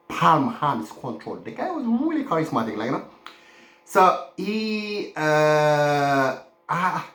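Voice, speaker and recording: A man's voice: a little high, fairly bright tone. A man from the Horn of Africa talking in a loose, rambling monologue, forever adding "my friend" and "okay?". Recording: roomy echo.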